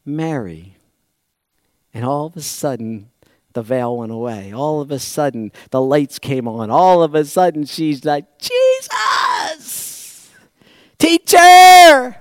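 A man preaching a sermon dramatically, swinging from loud exclamations to hushed, reflective passages. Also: medium pitch, moderate pace, no echo, studio quality.

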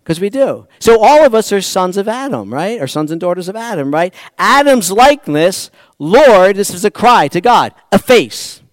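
High-voiced impassioned male preacher. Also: big pitch swings, normal speed, hardly any pauses, dry recording. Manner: shifts from hushed intimacy to impassioned, rising exhortation; folksy asides to the congregation. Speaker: pastor. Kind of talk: sermon. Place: church sanctuary.

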